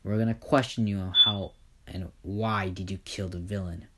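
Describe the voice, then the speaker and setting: A man's voice: deep voice, steady tone, normal speed, very noisy, natural voice. A man voicing a muscular male top hero who speaks in a commanding, stern way.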